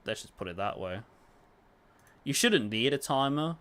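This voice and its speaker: A young man talking casually on a game livestream, answering viewer questions as he plays. His voice sits at an ordinary middle pitch, and he swears freely in a relaxed way. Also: measured pace. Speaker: gaming livestreamer.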